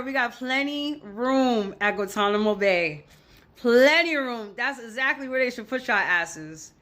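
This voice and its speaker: A woman's voice: on the high side, expressive, normal speed, fairly bright tone. A woman filming an angry reaction rant to camera, heated and profane, repeating her points for emphasis. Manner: heated, profane, repetitive ranting. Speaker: social media commentator.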